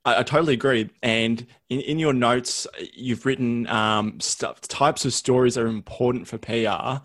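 A man's voice: mid-range voice, fairly even intonation, moderate pace, fairly bright tone. A man hosting a casual podcast interview, asking easygoing questions with short agreeing replies. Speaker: podcast host.

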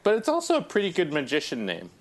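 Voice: medium pitch, huge pitch swings, quick pace, a little hiss or hum. Co-host tossing out jokes, voice bouncing up and down a lot. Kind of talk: casual chat.

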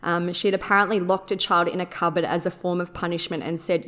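Woman podcast host, lowish voice, casual wry storytelling. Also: little pitch movement, quick pace, fairly bright tone. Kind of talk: true-crime podcast narration.

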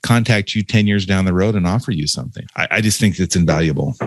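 A man's voice: sits low, quick pace, no echo. A man co-hosting a podcast, upbeat and chiming in with short remarks. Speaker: podcast co-host. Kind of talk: casual podcast chat.

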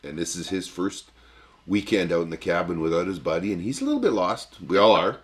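An older man co-hosting a casual podcast, talking in a folksy, halting way with many restarts. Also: low voice, big pitch swings. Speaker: podcast co-host. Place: cabin.

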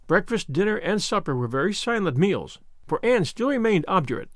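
Expressive male audiobook narrator, lively pitch. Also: dry recording, clean studio sound. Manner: expressive, measured storytelling. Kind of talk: scripted narration.

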